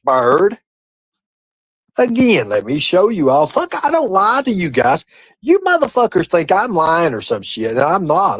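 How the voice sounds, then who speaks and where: On a streaming setup, a man hosts a casual livestream, speaking to his chat and a guest with a husky voice at a measured pace. He taunts and mocks profanely, sinking into low mutters before leaping into high, excited outbursts, and the recording is dry and low-quality.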